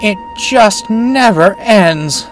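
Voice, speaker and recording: A man voicing a vain male steam engine who complains dramatically in a raised, loud voice. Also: on the high side, sing-song, slow, faint music behind, pitched above the performer's own voice. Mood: sulky.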